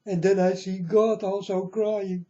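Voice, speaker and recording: Slow, very dark-voiced man testifying earnestly. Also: sits high, level tone, muffled recording. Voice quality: non-native English grammar. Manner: earnest, pleading, repeatedly addressing listeners as folks. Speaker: self-proclaimed prophet. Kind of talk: emotional personal testimony to viewers.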